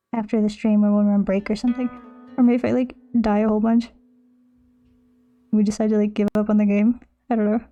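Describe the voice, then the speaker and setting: A young woman in a casual stream, chatting away to her chat while she doodles. Her voice sits fairly high but sounds soft and mellow, and she rambles along playfully, restarting her sentences as she goes.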